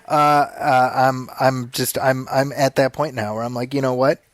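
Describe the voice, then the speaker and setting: A man's voice: mid-range voice, steady tone. A man in his forties talks casually as a podcast co-host, often restarting his sentences. His tone is wry and dry. The sound is close and dry, with no room echo. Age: 40s. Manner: halting, restarts phrases, wry. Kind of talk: casual chat.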